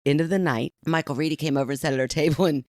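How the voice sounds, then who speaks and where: A woman in her thirties co-hosting a podcast, telling a story in a casual, animated way and laughing often. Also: deep voice, very fast, dry recording, clean studio sound. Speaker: podcast co-host.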